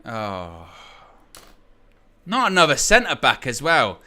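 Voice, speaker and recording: A man's voice: medium pitch, wildly swooping pitch, takes it slowly, pushed and bright. A man hosting a fan watchalong of a football match, swearing, laughing and ranting at the referees.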